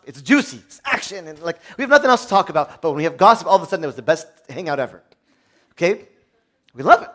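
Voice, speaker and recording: A man preaching a sermon, swinging between loud, urgent high points and quiet, low asides.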